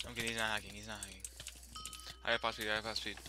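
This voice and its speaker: A young man casually commenting over his own gameplay, swearing freely and breaking into loud yelling when things go wrong. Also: fairly low pitch, level tone, racing, noisy background. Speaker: gaming channel host.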